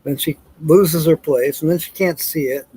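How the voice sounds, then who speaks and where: A man's voice: on the high side, a little slow, dark tone, breathy edge, low-quality recording. A tired man hosting a casual livestream, telling jokes and reading viewer comments aloud with frequent chuckles. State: tired, yawning. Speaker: livestream host.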